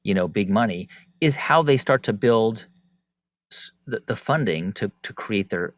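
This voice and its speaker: Man, podcast guest, lively rising and falling pitch, dry close sound, animated, conversational. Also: a little slow, no echo. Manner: animated, acts out quoted speech. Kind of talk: conversational interview.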